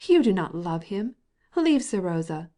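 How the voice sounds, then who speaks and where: A woman's voice: on the low side, moderate pace, mellow, lightly acted. A woman reading a tearful pleading wife.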